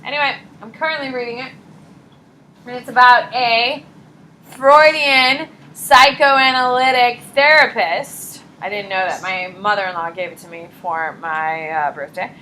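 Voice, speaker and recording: Chatty bright-voiced young woman teacher. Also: fairly high pitch, moderate pace, a little hiss or hum, low-quality recording. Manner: chatty, animated, frequent "like" and "uh". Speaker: high school teacher. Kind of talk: casual classroom lecture. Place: classroom.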